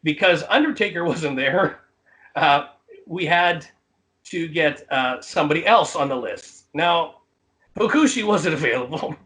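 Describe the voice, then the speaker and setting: Man, middle-aged, from Canada, high voice, animated, laughs a lot, interview story. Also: a little slow. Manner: animated, laughs often, lots of fillers. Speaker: comedian guest.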